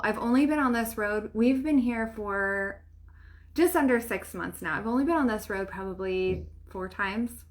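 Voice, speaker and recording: A woman's voice: fairly high pitch, moderate pace. A middle-aged woman, a spiritual coach and podcast host, talking casually to listeners in a rambling way, with many fillers, frequent laughs and casual swearing.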